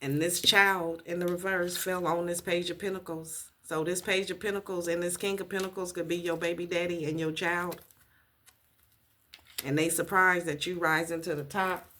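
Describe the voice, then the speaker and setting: A woman's voice: lowish voice, flat delivery, moderate pace, fairly bright tone, slight background noise. Blunt, profane woman tarot reader. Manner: blunt, profane, emphatic repetition. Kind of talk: casual tarot reading to camera.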